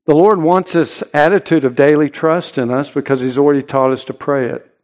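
A man preaching a sermon in an earnest, emphatic way, with deliberate pauses. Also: on the high side, steady tone, a little mellow, lo-fi sound. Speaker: pastor.

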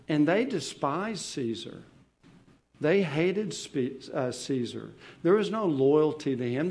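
A man with a medium-pitched, darkish voice preaches an expository sermon, explaining a Bible passage slowly and deliberately. He pauses with fillers and restarts his phrases as he goes.

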